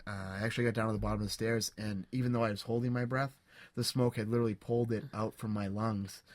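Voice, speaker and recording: A young man on a podcast, telling a personal story in a casual, halting way, with many restarts and fillers. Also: lowish voice, no room sound. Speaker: podcast co-host.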